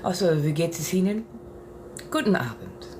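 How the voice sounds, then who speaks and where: A woman chatting softly as an ASMR creator at home, musing unhurriedly and practicing phrases aloud. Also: fairly low pitch, very animated, normal speed, noisy background. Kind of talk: soft-spoken ASMR chat. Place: home apartment.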